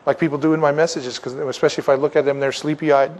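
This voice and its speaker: Talking fast with little pitch movement, a man preaches a sermon in a chatty, conversational manner. The pastor acts out the voices of people he quotes and his pitch and loudness swing widely.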